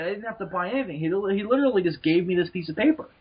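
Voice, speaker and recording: A man's voice: sits high, animated, fast talker, few pauses, breathy edge. A man hosting a comedy podcast, telling a rambling, profane story and acting out the people in it. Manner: profane, laughing, acts out people in stories. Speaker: podcast host. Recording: muffled lo-fi podcast recording.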